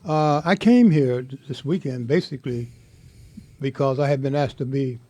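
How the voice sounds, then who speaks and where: An older man telling a heartfelt story in an interview, speaking with impassioned, halting repetition. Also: medium pitch, mellow. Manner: impassioned, halting, repeats words. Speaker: interviewee, veteran.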